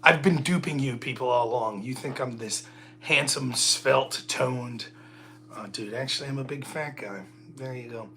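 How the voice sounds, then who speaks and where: A man's voice: mid-range voice, normal speed, sharp tone, a little hiss or hum. A middle-aged man hosting a casual solo livestream, rambling and joking at his own expense. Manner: joking, rambling, self-mocking. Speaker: livestream host.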